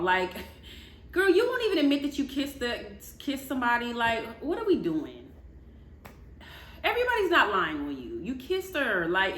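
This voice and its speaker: A woman giving animated, casual gossip commentary to her viewers, laughing often and talking to them directly. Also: a little high, echoey room. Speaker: commentary vlogger.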